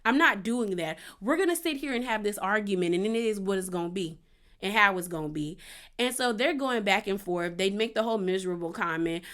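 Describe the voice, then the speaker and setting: A chatty woman recaps a reality TV episode in loose, casual commentary. She is opinionated and slips into the cast's lines as she tells it. Her voice sits at a middle pitch for a woman. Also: animated, a little fast, fairly bright tone. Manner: chatty and opinionated, acts out quotes.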